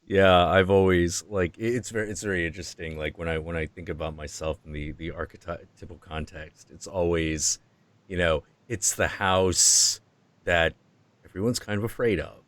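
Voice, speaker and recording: A man in a casual chat who speaks slowly and reflectively, musing with many pauses. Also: low-pitched, steady tone, fairly bright tone, no echo.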